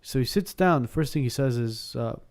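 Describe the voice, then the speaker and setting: Speaking at medium pitch and a fairly quick clip, a thirtysomething man recounts a ghost story in a relaxed podcast conversation. He performs the characters' lines with lots of energy and keeps starting his sentences over.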